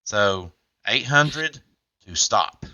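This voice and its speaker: A man's voice: on the low side, expressive, very slow, sharp tone, no room sound, highs cut off. A man hosting a game show, with upbeat, jokey patter.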